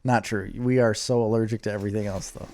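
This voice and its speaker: A man co-hosting a podcast in casual chat, playful and quick to tease and joke. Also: lowish voice, fairly even intonation, a little mellow, a little hiss or hum. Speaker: podcast co-host.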